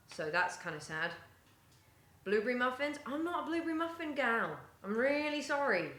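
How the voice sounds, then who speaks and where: A woman's voice: mid-range voice, a bit bright. A young woman chatting casually with her live-stream chat while she bakes in her home kitchen, often stepping away from the mic. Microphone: streaming setup, often walks away from the mic. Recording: echoey kitchen with faint room noise.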